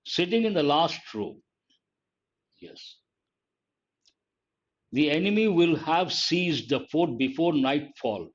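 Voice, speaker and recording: Slow, deliberate male grammar teacher. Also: on the high side, expressive, lo-fi sound. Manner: slow, deliberate, repeats key phrases, quizzes viewers. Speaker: English teacher. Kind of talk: live online grammar lesson.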